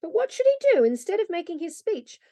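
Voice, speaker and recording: A woman reading a classic children's story aloud, expressive and lively. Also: extremely high pitch, fairly quick, dry recording. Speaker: reader.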